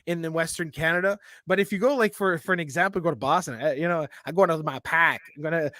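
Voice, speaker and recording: A man with a Quebec English accent, chatting casually as a guest on a live stream, animated and laughing often. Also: fairly high pitch, no echo, clean studio sound. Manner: animated and laughing, slips into quick impressions.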